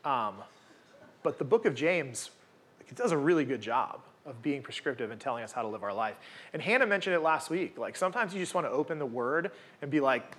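A man's voice: medium pitch, animated, a little fast, fairly bright tone, husky. A man in his forties giving a casual, conversational sermon at a church gathering, full of rhetorical questions and tag "right?"s. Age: 40s. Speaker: guest preacher.

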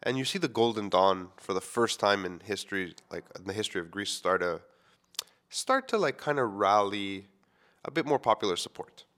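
A man's voice: lowish voice, a little fast, a bit bright. A man in his thirties from Quebec, a podcast host telling a personal story in a casual, rambling way full of fillers.

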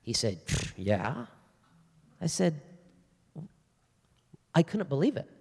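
A man's voice: on the high side, huge pitch swings, slow, gravelly, a little mellow, breathy edge, big-room sound. A male pastor giving a church talk, telling a story animatedly and acting out both sides of a conversation before a live audience.

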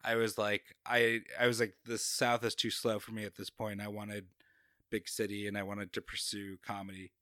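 A man's voice: lowish voice, monotone, normal speed, sharp tone, no echo, studio quality. A young man from Long Island with a New York accent, chatting as a podcast guest in a rambling way full of restarts. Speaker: guest comedian. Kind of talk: casual podcast chat.

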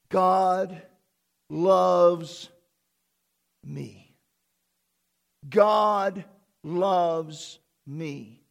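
A man preaching a sermon as pastor in a church, swinging from slow, quiet lines to emotional shouting and leading the congregation in call-and-response. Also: high-pitched.

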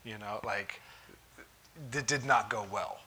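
A man on a parenting panel, speaking slowly and in a measured way as the adult child of his own parents. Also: fairly low pitch, bright, forceful tone, breathy edge. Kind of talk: casual panel chat.

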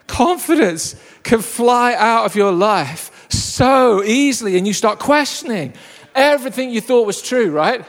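A man preaching a lively, jokey sermon to a live congregation. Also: very high-pitched, unhurried. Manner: enthusiastic, jokey storyteller. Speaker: pastor. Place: church hall with a live congregation. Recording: long reverb of a large hall.

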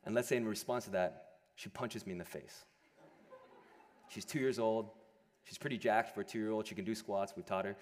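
Young man preaching in a reverberant hall. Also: a little fast. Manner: animated, swinging between loud emphasis and hushed lows. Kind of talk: sermon. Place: large room with an audience.

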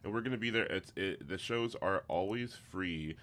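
A man hosting a casual podcast interview, gushing and excitable with lots of fillers. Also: deep voice, normal speed. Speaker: podcast host.

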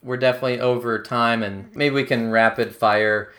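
Brief: male host, casual, halting delivery, mid-range voice. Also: medium pitch, steady tone, bright, forceful tone. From Pittsburgh area. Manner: hesitant, many fillers and restarts. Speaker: podcast host. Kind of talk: casual interview chat.

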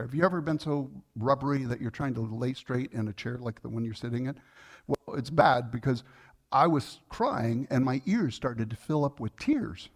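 Earnest pastor telling a personal story. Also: male voice. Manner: conversational, earnest, many fillers and restarts; softens and lowers his voice in tender moments.

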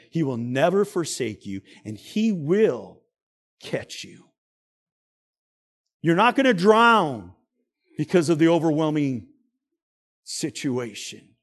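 A male pastor preaching a sermon, dramatic, swinging between loud emphasis and quiet asides. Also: fairly high pitch.

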